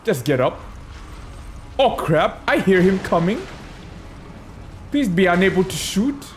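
Gamer guy, high animated voice, unhurried, talks trash at enemies; noisy capture with game sound. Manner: playful, talks back to enemies and chuckles. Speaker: gaming video creator. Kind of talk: casual gameplay commentary.

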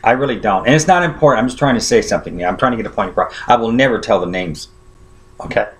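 A man's voice: lowish voice, expressive, fast. A man preaching a sermon, telling a personal story in a conversational way and often checking in with his listeners.

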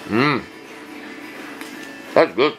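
Male home-cook vlogger, lively, teasing delivery, faint music behind. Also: mid-range voice, very slow, low-quality recording. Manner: joking, coaxing, talks others into tasting. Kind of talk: casual cooking vlog. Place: home kitchen.

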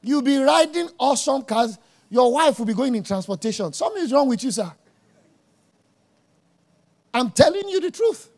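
A man preaching a sermon, emphatic and jabbing, dropping to quiet asides and rising to loud exclamations. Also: very high-pitched, expressive, moderate pace, long pauses.

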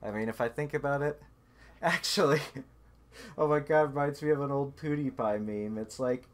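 A man's voice: medium pitch, moderate pace. A man streaming a game and chatting casually with a teammate, full of sarcastic, self-mocking banter, on a desktop microphone. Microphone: desktop USB microphone.

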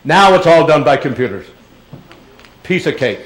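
Male guest speaker, slightly high voice, loose and rambling, answers a crowd's questions in an auditorium. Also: animated, moderate pace, noisy background. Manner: chatty, rambling, calls audience members dear. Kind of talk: talk and audience Q&A. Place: large auditorium.

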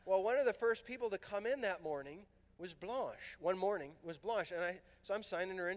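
A man's voice: high voice, a little fast. Guy from southern california telling a story on stage, bounces into voices, big echoey fieldhouse. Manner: animated, acts out quoted dialogue. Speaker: priest and conference speaker. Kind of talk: storytelling talk to a youth conference. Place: large fieldhouse hall. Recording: long hall reverb.

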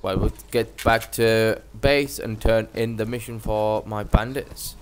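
A man's voice: on the low side, steady tone, unhurried, a little hiss or hum. A young man giving brash, sweary live commentary as he streams a game.

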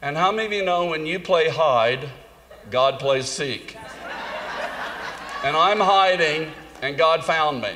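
Animated male preacher in a reverberant church hall. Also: slow pace, long pauses. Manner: animated, self-mocking, jumps into high voices for comic asides. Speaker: conference speaker. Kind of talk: humorous sermon storytelling. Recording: long hall reverb, faint room noise.

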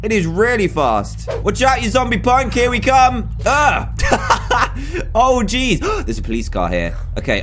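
A young man giving excitable gameplay commentary, yelping and shouting at enemies as he plays. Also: fairly high pitch. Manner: animated, yelps and shouts at enemies. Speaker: gaming YouTuber.

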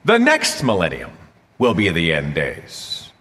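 A guest speaker from Oklahoma, a man with a low voice and a fairly bright tone, gives a live public talk in a lecture hall. He takes his time, his pitch swings hugely, and he's emphatic and dramatic, repeating phrases for effect. The hall recording is reverberant.

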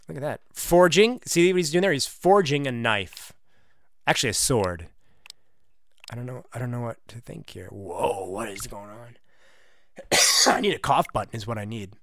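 A man's voice: on the high side, a bit bright, no echo, studio quality. A young man hosting a gaming video, giving comedic, sarcastic commentary with self-mocking asides.

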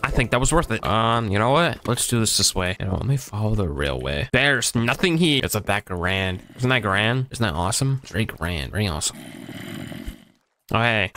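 Bright-voiced man chatting through gameplay. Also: on the low side, slight background noise. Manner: chatty running self-talk, swears casually. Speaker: gaming channel host. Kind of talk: casual gameplay commentary.

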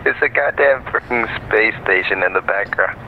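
A man's voice: on the low side, normal speed, vocal fry. A man streaming a game and joking with a friend, teasing and laughing as they chat. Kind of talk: casual gaming chat. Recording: dull lo-fi stream audio with faint noise.

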